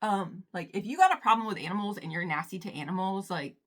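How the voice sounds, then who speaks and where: A woman's voice: mid-range voice, fast, fairly bright tone. A young woman chatting casually through a storytime vlog while getting ready, full of "like" and calling her viewers y'all. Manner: chatty, heavy use of "like", addresses viewers as y'all. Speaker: vlogger. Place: indoors at home, getting ready.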